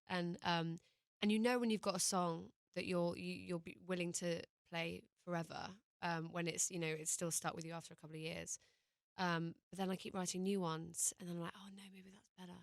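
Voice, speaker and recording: British woman, singer guest, slightly low voice, hesitant and giggly, dry studio sound. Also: no echo. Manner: chatty, hesitant with many ums, giggly. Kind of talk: casual radio interview chat. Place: radio studio.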